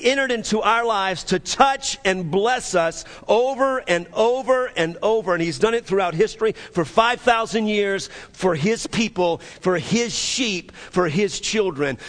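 Male pastor with a high voice, preaching with emphasis and repetition. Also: a little slow, hardly any pauses, fairly bright tone. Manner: emphatic, repeats phrases, leads congregation in saying lines. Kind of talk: sermon.

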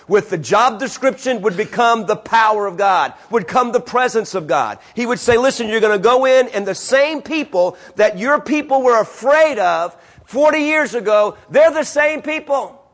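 A man with a high voice delivers a sermon. He reads scripture and hammers his points home through repetition, sliding between hushed, low stretches and raised, insistent ones. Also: animated, normal speed. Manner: emphatic, repeating phrases and swinging from hushed to raised. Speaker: preacher.

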